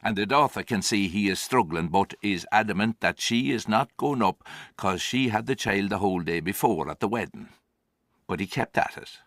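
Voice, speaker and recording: A man playing a gravelly old Irish farmer. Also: on the low side, expressive, normal speed, a bit bright, no echo, clean studio sound. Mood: wry. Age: older. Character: older Irish farmer grandfather, haunted by his lost cattle. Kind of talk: theatrical monologue.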